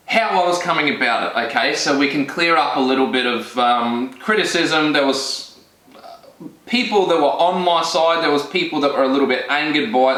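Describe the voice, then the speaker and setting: An Australian fishing vlogger chats loosely and jokily, poking fun at himself and restarting his sentences. His voice has a bright, forward edge and bounces around a hard, echoey room. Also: mid-range voice. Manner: rambling, jokey, self-deprecating, many restarts. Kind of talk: casual vlog chat.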